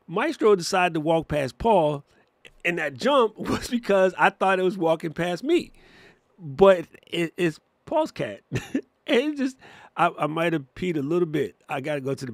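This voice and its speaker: A man in his fifties hosting a casual live-stream Q&A from his home studio, animated and laughing, swearing freely. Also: high voice, no echo. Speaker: host. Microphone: studio microphone.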